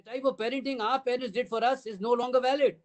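A man's voice: very high-pitched, steady tone, fast. An older man with an Indian English accent giving a town hall address to parents as a school trust's chief, emphatic, building points through repeated phrases and rhetorical questions.

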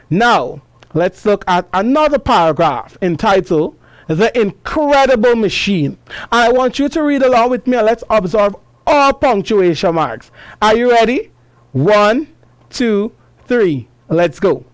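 A woman's voice: mid-range voice, lively intonation, dry recording. A woman teaching a class lesson, asking questions and answering them herself. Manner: slow, deliberate, asks questions and answers them; reads passages aloud with expression.

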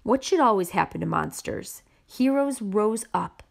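A woman reading a children's picture book aloud with expressive narration. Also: medium pitch, a little slow, vocal fry. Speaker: storybook reader.

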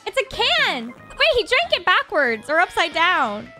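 A woman's voice: very high voice, huge pitch swings, a little slow, pushed and bright. A woman hosting a reaction video, gasping and exclaiming emotionally as she comments on animations. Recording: music playing clearly underneath.

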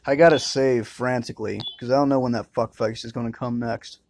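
A man's voice: medium pitch, fairly even intonation, fairly quick, creaky, darkish tone, a little hiss or hum. A man doing crude, joking commentary while playing a horror game, muttering and swearing to himself. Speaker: let's-play gamer.

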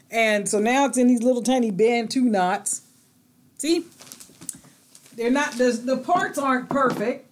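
Chatty middle-aged woman vlogging at home. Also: high voice. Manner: chatty and animated, swinging from excited to hushed. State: out of breath. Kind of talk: casual vlog talk to camera.

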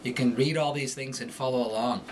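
A man teaching an accent lesson, explaining clearly and methodically. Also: mid-range voice, fairly even intonation, a little fast, a little hiss or hum. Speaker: accent coach. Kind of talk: instructional lesson.

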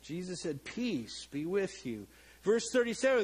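A middle-aged pastor preaches a sermon in a church sanctuary, his fairly high voice swinging up and down as he jokes, at a normal speed. He acts out the story's characters with playful, animated delivery, and the recording quality is low.

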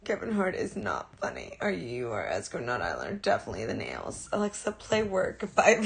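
A woman's voice: extremely low pitch, wildly swooping pitch, a little fast, vocal fry, hardly any pauses. A young woman casually chatting on a livestream, reading and answering viewer comments and swearing now and then. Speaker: livestream host.

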